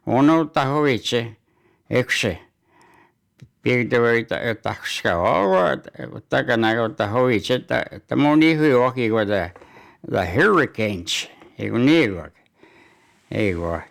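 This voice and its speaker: Male community announcer, unhurried and hesitant, lots of fillers, gravelly texture. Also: mid-range voice, animated, a bit bright. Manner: halting delivery with many fillers. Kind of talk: community announcements and sports news.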